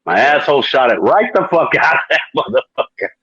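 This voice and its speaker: Here a podcast host tells a long, crude story in a casual way, swearing and laughing often as an animated storyteller. His voice is medium in pitch and fairly quick, and the audio sounds dull.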